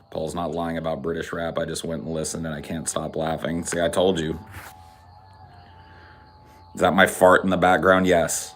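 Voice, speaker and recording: A man's voice: deep voice, measured pace, long pauses, a bit bright. A man hosting a podcast, chatting casually and reading comments aloud in a sarcastic, crude way. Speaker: podcast host.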